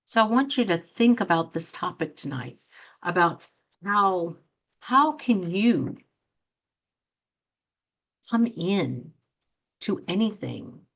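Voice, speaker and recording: A middle-aged woman hosting a talk show as a coach, speaking earnestly and acting out quoted reactions in her examples. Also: lowish voice. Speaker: host and coach. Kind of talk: motivational talk show monologue.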